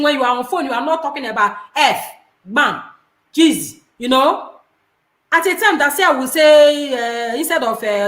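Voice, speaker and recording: Earnest high-voiced woman preaching. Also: fairly bright tone, reverberant. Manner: preachy and earnest, reading viewer comments, with pidgin phrases. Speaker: host of a live video. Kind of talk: live-stream chat, giving advice.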